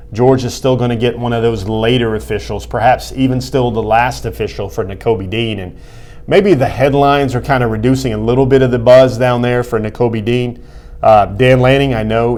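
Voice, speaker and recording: Man, recruiting reporter, medium pitch, explanatory, filler-heavy, sports talk. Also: darkish tone. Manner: thoughtful, explanatory, frequent "uh" fillers.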